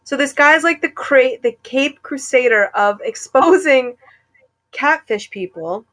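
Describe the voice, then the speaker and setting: A woman co-hosts a podcast with a slightly high voice. She chats casually and retells a story in a lively, giggly way, peppering it with "like". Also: measured pace. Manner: animated storytelling, giggly, lots of "like". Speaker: podcast co-host. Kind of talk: casual chat.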